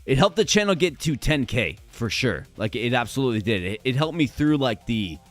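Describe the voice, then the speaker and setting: Hoarse man, energetic live streamer, mid-pitched, faint guitar music behind. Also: a little fast. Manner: energetic, chatty. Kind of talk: casual live stream chat with viewers.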